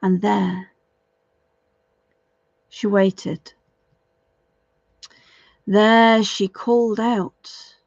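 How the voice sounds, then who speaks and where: A woman's voice: medium pitch, steady tone, extremely slow, gravelly, pauses often, a little mellow, no room sound. A woman storyteller telling a folk tale aloud, dramatic and lingering over repeated phrases. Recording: dull, dry lo-fi recording.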